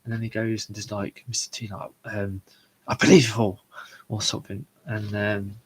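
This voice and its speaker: Rambling low-voiced man. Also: completely flat delivery, a bit bright, slightly rough, poor audio. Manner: rambling, halting, many fillers and restarts. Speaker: show host. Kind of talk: solo live chat about comedy shows.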